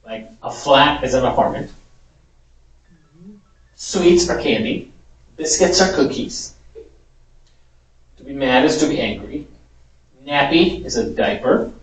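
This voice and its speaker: A man's voice: mid-range voice, animated, slow pace, long pauses. A man, a Spanish teacher, giving a chatty, amused informal lecture. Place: large echoey parish hall. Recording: echoey hall, distant mic.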